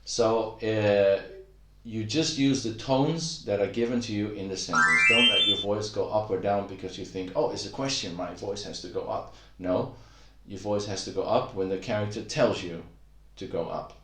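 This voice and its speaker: A man's voice: fairly low pitch, moderate pace, bright, forceful tone, echoey room. A man teaching a casual language lesson, explaining patiently with many fillers and acting out example sentences.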